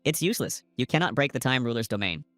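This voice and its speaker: A man's voice: medium pitch, expressive, fast talker, sharp tone, dry recording. A man voicing a stern male ruler of time who lectures a prisoner.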